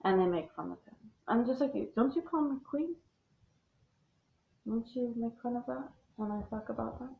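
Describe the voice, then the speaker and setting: A woman's voice: fairly high pitch, fairly quick, vocal fry. A woman speaking in a long rambling monologue, blunt and profane and full of restarts. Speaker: speaker on religion. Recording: tinny phone-like sound in an echoey room.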